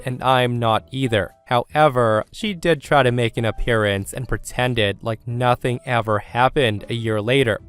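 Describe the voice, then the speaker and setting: A man with a mid-pitched voice reads a scripted first-person story in a steady, even way. Soft music plays faintly underneath. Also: smooth. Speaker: story narrator.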